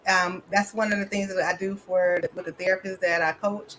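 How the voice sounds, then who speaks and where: A woman's voice: medium pitch, little pitch movement, moderate pace, fairly bright tone, slight background noise. A woman therapist and coach, giving an emphatic, motivational conference talk over a video call. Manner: emphatic, motivational, addresses audience as y'all.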